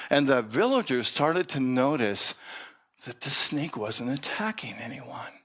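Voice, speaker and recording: A man giving a storytelling sermon at a church service, unhurried, with pauses and restarts. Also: medium pitch, a bit bright.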